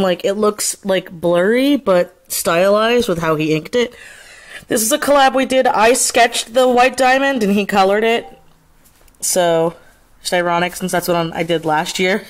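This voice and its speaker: A woman artist in a casual vlog vents with heavy swearing, ranting profanely before settling into chatty talk while she shows off her prints. Her voice is medium in pitch, and the recording is rough.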